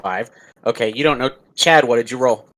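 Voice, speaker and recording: Casual game master running the table. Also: male voice, mid-range voice, fairly quick. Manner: casual, steady narration with game rulings. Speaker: dungeon master.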